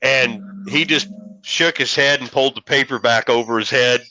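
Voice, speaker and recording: A man's voice: mid-range voice, fairly even intonation, moderate pace, pushed and bright, no room sound, rough recording. A middle-aged man from Illinois, hosting and telling rambling, folksy stories with casual swearing. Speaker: show host. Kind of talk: casual storytelling.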